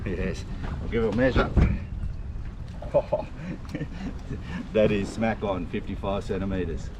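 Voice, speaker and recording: A man's voice: fairly low pitch, lively intonation, a little fast, creaky, heavy background noise. An Australian man vlogging from his fishing boat, telling a rambling, self-deprecating story with frequent laughs. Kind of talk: casual storytelling to camera. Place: outdoors on a river boat.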